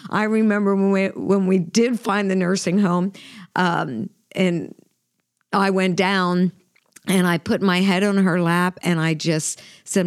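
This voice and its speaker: In clean studio sound with no room noise, a middle-aged woman co-hosting a faith podcast recounts something personal, emotional and earnest, often restarting and using fillers. Her voice is lowish and steady, and she talks a little slowly.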